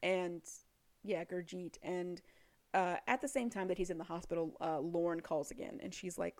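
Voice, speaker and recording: A woman co-hosting a casual chat, retelling a story with quick quoted lines and frequent laughter. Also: on the low side, steady tone. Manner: chatty, laughs often, acts out lines of characters in passing. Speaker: podcast co-host recapping a book.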